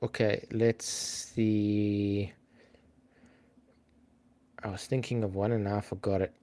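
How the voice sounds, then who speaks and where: A man hosts a live trivia stream in easy, unhurried chat. His voice sits a little low, and he talks slowly, thinking aloud and calling out to viewers by name. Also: flat delivery, dark tone. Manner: chatty, thinks aloud, reads out names and greets viewers.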